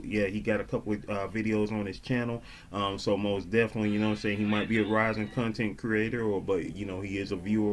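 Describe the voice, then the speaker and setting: Slangy, laid-back man vlogger, low voice. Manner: slangy and laid-back, peppered with "you dig"; shouting out viewers. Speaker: vlogger reading viewer comments. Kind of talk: casual chat.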